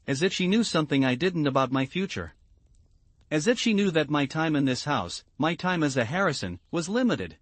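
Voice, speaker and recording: A man reading a scripted first-person story in an even, measured way. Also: on the high side, no echo. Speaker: narrator.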